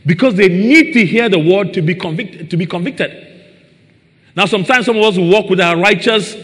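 In a church hall with the long reverb of a large room, a man preaches to his congregation in a high, expressive, brisk and slightly bright voice. He reads scripture and drives his points home with "Praise the Lord" and questions put to the listeners.

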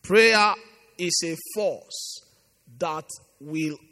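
A pastor leading a fervent prayer meeting, urging and repeating his lines, swinging from soft pleading to shouting. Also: a little high, extremely slow, in a large hall. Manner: impassioned, repetitive exhortation, swings from soft to shouting.

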